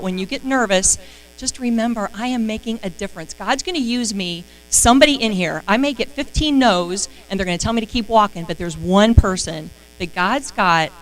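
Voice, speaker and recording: A woman's voice: a little high, a little hiss or hum, rough recording. Earnest woman, heartfelt and emotional, rallies her team with a story. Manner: earnest, heartfelt, near tears. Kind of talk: encouraging story in a live stream talk.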